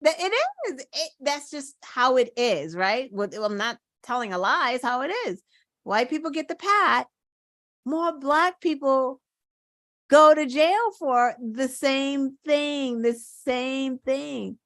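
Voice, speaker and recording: A woman's voice: high-pitched, animated, takes it slowly, fairly bright tone, no echo. A woman hosting her own show, talking in casual political commentary with indignant rhetorical questions and swearing. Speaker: show host.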